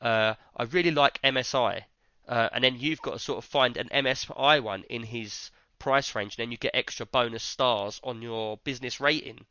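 A man's voice: mid-range voice, normal speed, hardly any pauses, bright, forceful tone, no echo, highs cut off. A man hosting a casual tech podcast, chatty and rambling with lots of fillers. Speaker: podcast host.

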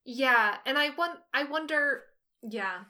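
A woman's voice: sits high, takes it slowly. A woman co-hosting a casual book discussion podcast, reading dialogue aloud with feeling. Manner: expressive, reads dialogue with feeling. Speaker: podcast co-host.

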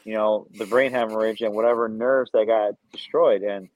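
A man's voice: fairly low pitch, fairly even intonation, moderate pace, darkish tone, no room sound. A man co-hosting a podcast, talking casually and eagerly, crude at times and often repeating himself. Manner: enthusiastic, crude, repeats words. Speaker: podcast co-host. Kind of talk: casual film review chat. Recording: dull, dry, slightly lo-fi.

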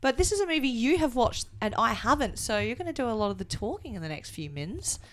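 A woman's voice: fairly high pitch, sing-song, fast talker. A woman, a schoolteacher, chatting casually as a podcast co-host and laughing often. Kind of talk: casual chat.

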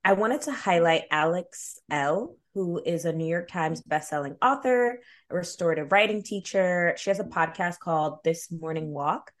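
A young woman with a low voice co-hosts a podcast in loose, casual chat. She is candid, swears easily and leans on "like" fillers. She has a slight lisp. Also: moderate pace, hardly any pauses. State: slight lisp from a dental guard. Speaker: podcast co-host.

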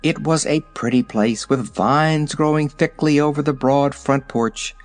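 A man reading a storybook aloud as its narrator, telling the tale in a lively way. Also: on the high side, unhurried, faint music behind. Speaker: audiobook narrator. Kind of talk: scripted narration.

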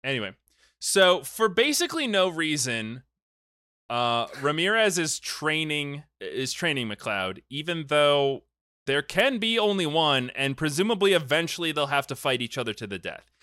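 A man's voice: a little high, very animated, normal speed, bright, forceful tone, no room sound. A man hosting a casual podcast chat, recapping a film plot with jokes and mock-angry rants. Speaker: podcast host explaining a film saga.

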